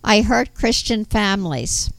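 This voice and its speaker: A woman's voice: medium pitch, animated, measured pace, vocal fry, dry recording, low-quality recording. A woman voicing a remorseful former spy. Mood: pleading. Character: remorseful former male spy pleading for forgiveness.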